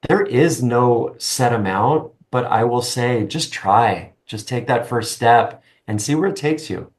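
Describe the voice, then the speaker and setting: A middle-aged man, a guest in an interview, speaking earnestly with halting restarts. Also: mid-range voice. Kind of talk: conversational interview.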